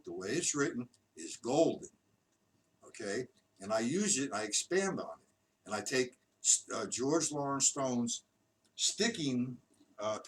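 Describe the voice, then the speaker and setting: A man teaching drums in a live stream, counting beats aloud in a loose, chatty way. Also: mid-range voice. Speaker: drum instructor. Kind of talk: live-streamed drum lesson. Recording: distant mic, loud background noise.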